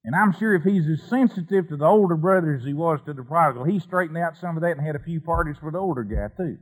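A man delivering a folksy sermon story, animated and full of colloquial asides. His voice sits fairly high for a man, and he swings from loud bursts to hushed reflection. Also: fast talker, rough recording.

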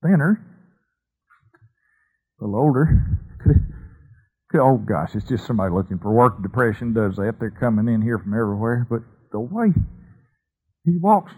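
A man preaching a folksy sermon story, animated, with lots of colloquial asides. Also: mid-range voice, moderate pace, pauses often, husky, narrow, tinny audio.

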